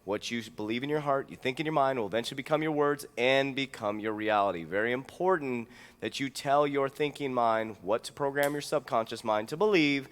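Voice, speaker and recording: Man, podcast host, motivational coach, mid-pitched voice, emphatic rises and drops, repeats key lines, long echoey reverb. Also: brisk, hardly any pauses. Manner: energetic, swings his pitch and loudness for emphasis. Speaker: health and mindset coach hosting a podcast. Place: indoor room with a whiteboard.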